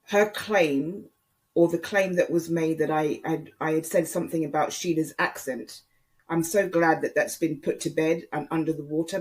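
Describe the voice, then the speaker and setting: A YouTube commentator giving a casual, opinionated monologue and speaking directly to viewers and other creators. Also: medium pitch.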